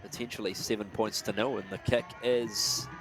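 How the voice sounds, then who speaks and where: Energetic male rugby play-by-play caller. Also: on the low side, moderate pace, over music. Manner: energetic, rising to shouts on big plays. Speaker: play-by-play commentator. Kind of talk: live rugby commentary.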